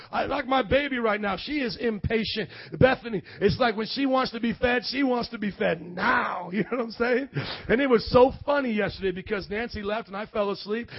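Loud, high-voiced preaching man. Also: gravelly, slightly rough, no room sound. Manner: loud, preaching with rising shouts; casual, colloquial preaching with call-and-response asides. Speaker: pastor. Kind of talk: sermon. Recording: dull lo-fi audio.

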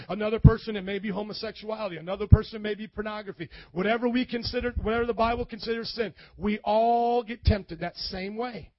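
A pastor preaching a sermon, acting out the excuses of his listeners in an animated way. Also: high-pitched, no room sound, lo-fi sound.

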